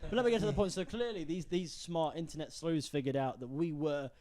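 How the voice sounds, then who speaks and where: A man's voice: a little high, a little fast, mellow. A man co-hosting a podcast in casual chat, joking, swearing and telling anecdotes. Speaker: podcast co-host.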